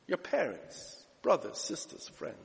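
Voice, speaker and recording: A man preaching a sermon, emphatic, moving between loud urgent lines and hushed ones. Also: high voice, wildly swooping pitch, a little slow, gravelly. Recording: reverberant hall.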